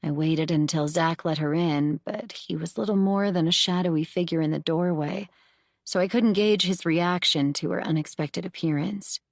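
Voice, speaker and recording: A woman narrating a first-person thriller audiobook in a measured, intimate way, close to the mic. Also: lowish voice, fairly even intonation, dry recording.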